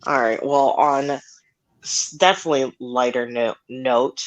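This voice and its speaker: A man's voice: medium pitch, expressive, normal speed, a bit bright. A man hosting a casual podcast, laid-back and self-mocking as he moves the talk along. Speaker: podcast host.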